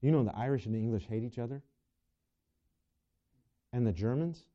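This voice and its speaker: Dark-voiced male preacher, dull recording. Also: medium pitch, moderate pace. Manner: asks the congregation rhetorical questions, stumbles and restarts. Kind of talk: sermon.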